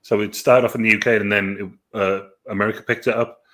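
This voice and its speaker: A man's voice: on the low side, flat delivery, brisk, a bit bright. A man with an English accent, chatting casually and rambling as co-host of a film review show. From England. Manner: chatty and rambling, with lots of fillers. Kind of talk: casual chat.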